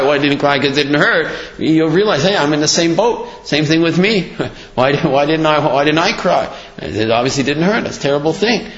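A man's voice: on the high side, a bit bright. A man with a slightly raised voice teaches a Torah lesson. He poses rhetorical questions and hesitates on fillers as he works through each example. The recording is dull and lo-fi. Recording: dull lo-fi audio.

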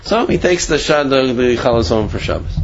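A man's voice: medium pitch, animated, a little fast, music in the background. Rambling male storyteller on a dull recording. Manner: rambling, full of "you know" and restarts. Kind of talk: casual religious storytelling.

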